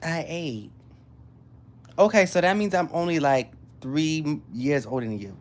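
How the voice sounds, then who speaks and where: A woman, hosting a casual livestream and chatting excitedly with viewers. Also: low-pitched, unhurried, a little hiss or hum. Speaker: livestream host.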